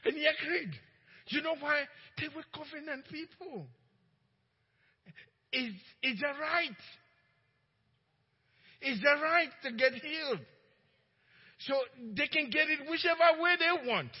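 High-voiced man preaching in a reverberant hall. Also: takes it slowly, pauses often. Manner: preaching with shouted emphasis and laughs. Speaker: pastor. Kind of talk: sermon. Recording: dull sound with long hall reverb.

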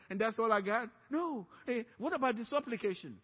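Pastor, male, very high husky voice, emphatic sermon delivery, echoey church hall. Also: animated, moderate pace, lo-fi sound. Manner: emphatic preaching with call-and-response to the congregation. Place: church sanctuary.

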